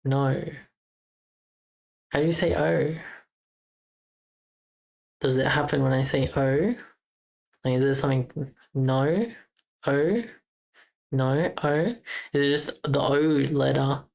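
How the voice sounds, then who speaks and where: Low, gravelly Australian woman streamer. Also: level tone, a little slow, pauses often, a little mellow, rough recording. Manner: rambling, thinks aloud, self-correcting. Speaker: game jam streamer. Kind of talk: casual livestream chat while coding.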